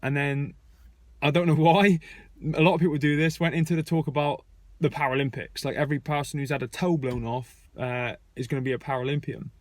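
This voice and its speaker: A man's voice: mid-range voice, steady tone, fast talker, no echo. A young man in a frank, conversational rant, telling a story to his viewers. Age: young adult. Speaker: vlogger. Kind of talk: casual spoken rant. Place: airport terminal.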